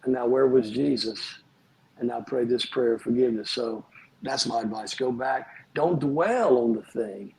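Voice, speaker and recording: A man, a pastor and podcast guest, telling earnest, animated stories about forgiveness in casual conversation. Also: mid-range voice, moderate pace, vocal fry, slight background noise, rough recording.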